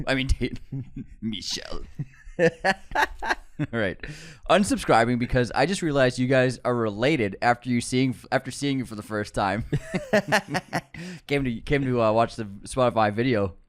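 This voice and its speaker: A man's voice: medium pitch, animated, unhurried, long pauses. A young man co-hosting a comedy podcast, recapping a film from memory, laughing often and acting out lines. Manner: laughs often, acts out movie lines loudly. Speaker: podcast co-host. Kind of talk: comedic movie recap chat.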